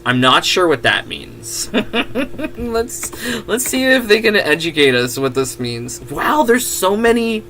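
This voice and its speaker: A man's voice: fairly high pitch, bright, forceful tone, slight background noise. A giggly man who laughs often, reading fan fiction aloud with casual comedic comments.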